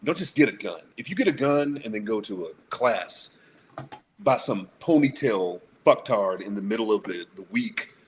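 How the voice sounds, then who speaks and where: A man's voice: lowish voice, expressive, normal speed, slight background noise. A blunt, profane man speaking emphatically as a guest on a casual panel talk show.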